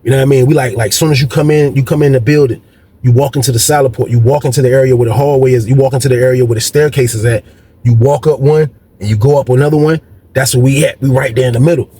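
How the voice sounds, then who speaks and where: A man's voice: mid-range voice, steady tone, fast talker, mellow, husky. A man casually telling a story from his past in slangy, profane talk, repeating himself often.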